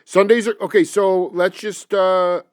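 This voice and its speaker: A man's voice: high-pitched, flat delivery, measured pace, smooth, dry recording, clean studio sound. A man hosting an interview show, talking casually and enthusiastically, with lots of slang. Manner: enthusiastic, slangy, calls guest "dude" and "man". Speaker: podcast host.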